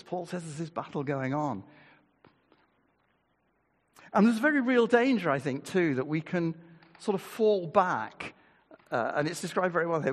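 A man's voice: fairly high pitch, long reverb tail. An older man preaching a sermon in a chatty way, reading scripture aloud and asking his listeners rhetorical questions.

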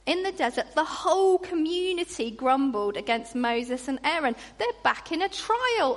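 A woman preaching a sermon in an animated way, acting out grumbling voices. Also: high-pitched, moderate pace, few pauses. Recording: long reverb in a large hall.

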